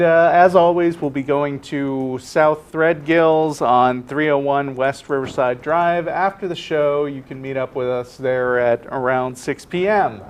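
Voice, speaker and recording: A man co-hosting a live call-in TV show in a studio. His voice sits at an ordinary middle pitch, and he talks in a relaxed, hesitant way full of fillers. Faint hiss runs underneath. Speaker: co-host. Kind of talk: casual chat.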